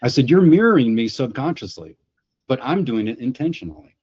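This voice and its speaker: Guy with a husky voice explaining mirroring on a webinar, kinda muffled call audio. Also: mid-range voice, animated, brisk. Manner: anecdotal, explanatory, self-correcting restarts. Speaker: sales psychology speaker. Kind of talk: storytelling on a webinar panel.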